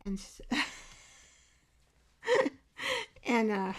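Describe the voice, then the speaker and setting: A woman's voice: medium pitch, very animated, drawn-out words, slight background noise. A woman hosting a live art show, chatting casually and rambling with viewers while she paints, often breaking into laughter. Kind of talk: casual live craft demo chat.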